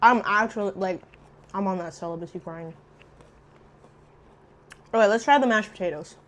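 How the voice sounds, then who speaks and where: A young woman chatting casually while eating on camera, loud and profane, jumping between shrieks and low mutters. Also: normal speed. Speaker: mukbang vlogger. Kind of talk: casual eating vlog chat.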